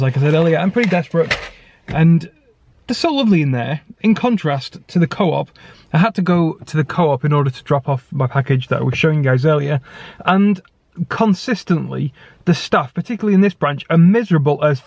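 A man narrating his day in a casual vlog, chatty and quick to rant when annoyed. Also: fairly high pitch, darkish tone, muffled recording. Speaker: vlogger.

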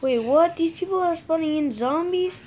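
A woman casually commenting on her own gameplay, excitable, swearing and yelling when frustrated. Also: very high-pitched, normal speed, a little hiss or hum. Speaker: gamer narrating own play.

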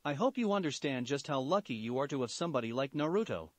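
A man's voice: medium pitch, animated, quick pace, no echo, lightly acted. A man voicing an earnest, protective young woman in a fan-fiction reading, speaking firmly.

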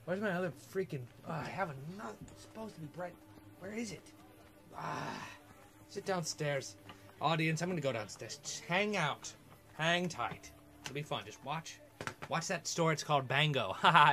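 A man's voice: a little high, expressive, normal speed, pushed and bright, faint music behind. A man giving gameplay commentary, grumbling and sarcastic as he talks to his audience. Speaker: let's play gamer.

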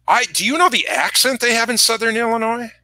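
A man's voice: very high-pitched, expressive, a little fast, sharp tone, no echo. A man hosting a casual online concert pre-show, chatting and telling rambling stories. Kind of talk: casual chat. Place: music shop.

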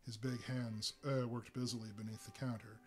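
A man reading a story aloud for a live reading, with steady pacing and the odd filler. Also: medium pitch, moderate pace. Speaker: reader.

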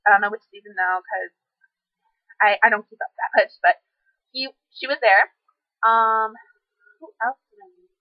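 A young woman vlogging at home, gushing and rambling excitedly with lots of fillers. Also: mid-range voice, normal speed, pauses often, no room sound. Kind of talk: casual chat. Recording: dull lo-fi dry webcam audio.

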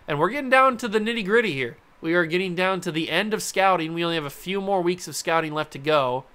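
A young man commentating his baseball video game casually, excitable and chatty, laughing often and talking to the players on screen. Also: fairly high pitch. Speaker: gaming YouTuber.

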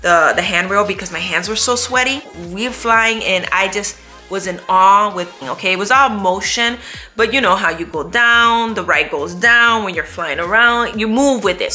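A woman tells a story to her viewers in a bright, forceful voice. She is animated and expressive, and she laughs often as she talks from home. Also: mid-range voice. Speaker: vlogger. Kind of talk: storytime chat to camera.

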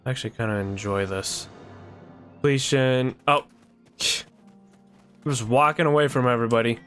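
A man's voice: medium pitch, fairly even intonation, moderate pace, fairly bright tone, soft background music. Rambling man streaming a game. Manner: rambling, thinking aloud. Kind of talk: casual live-stream chat while gaming.

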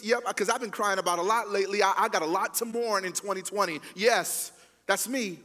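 High-voiced pastor preaching in a hall. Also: male voice, brisk. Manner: conversational preaching, lively and emphatic. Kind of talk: sermon. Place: church hall. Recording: long hall reverb.

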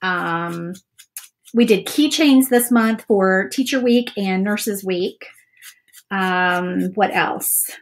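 A woman's voice: medium pitch, drawn-out words. Chatty woman hosting a craft livestream. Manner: chatty, rambling, many fillers. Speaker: crafting channel host. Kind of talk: casual live crafting chat. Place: home craft table. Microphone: overhead camera setup.

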